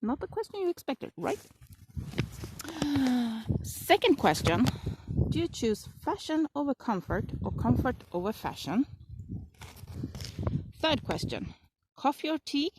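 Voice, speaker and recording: A woman's voice: sits high, sing-song, unhurried, pauses often. Chatty woman vlogging on a windy walk. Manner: chatty, rambling, apologetic with frequent laughs. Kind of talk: casual walking vlog. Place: outdoors by a frozen river on a windy day. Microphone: phone held in hand while walking a dog. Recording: windy outdoor phone recording.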